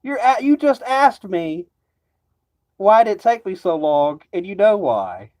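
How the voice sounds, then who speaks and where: A man's voice: sits high, very animated, unhurried, darkish tone. A man ranting casually to camera, rambling and agitated, swearing constantly. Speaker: vlogger. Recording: dull lo-fi recording.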